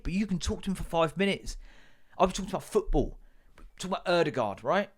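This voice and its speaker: A man hosting a podcast, telling a story as an animated, exasperated comedic rant and swearing freely. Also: a little high, fairly quick, slightly rough. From Britain. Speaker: podcast host.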